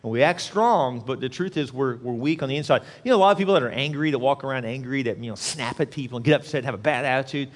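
A man's voice: mid-range voice, fast talker, few pauses, big-room sound. A male pastor preaching a sermon in an earnest, repetitive way, acting out quotes as he goes.

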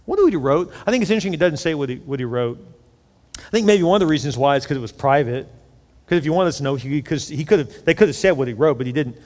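Man, pastor, sermon, fairly high voice, long hall reverb. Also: animated, fast talker. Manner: preaching with acted-out inner voices, rising and falling in loudness.

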